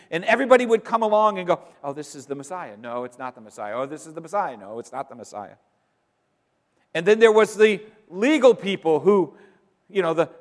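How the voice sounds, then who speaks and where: Preacher, male, fairly high voice, emphatic, swings loud to hushed, long hall reverb. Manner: emphatic, swings between loud declarations and quiet asides. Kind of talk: sermon.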